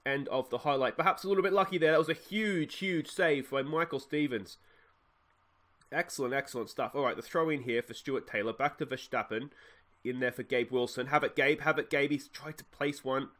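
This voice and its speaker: An Australian man in his twenties or so, commentating a football management game he is playing. He chats through the action at an easy pace, then erupts into shouts and laughter at big moments. His voice sits at an ordinary middle pitch. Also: brisk. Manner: excitable, shouts and laughs at goals. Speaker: let's play host. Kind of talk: gameplay commentary.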